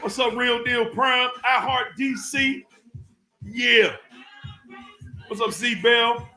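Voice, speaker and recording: A man's voice: very high-pitched, steady tone, slow pace, long pauses, sharp tone, soft background music. A man hosting a livestream who greets viewers by name, hyped and whooping now and then. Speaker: livestream host. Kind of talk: live chat shout-outs.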